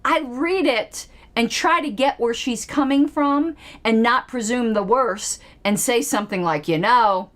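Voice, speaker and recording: A woman's voice: unhurried, few pauses. A woman giving political commentary in a vlog, sarcastic and fond of mocking rhetorical questions. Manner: animated, with sudden pitch jumps.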